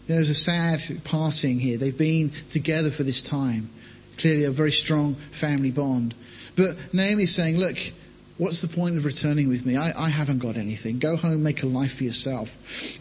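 A man preaches in a measured, expository way, reading scripture and then unpacking it. His voice sits a little high and sounds husky. Long reverb from a hall trails each phrase.

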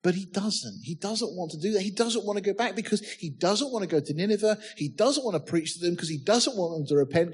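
A man with a husky, somewhat high voice, preaching a sermon. He reads the old scripture wording aloud, asks his listeners questions, and adds touches of humor. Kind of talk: sermon with Bible reading.

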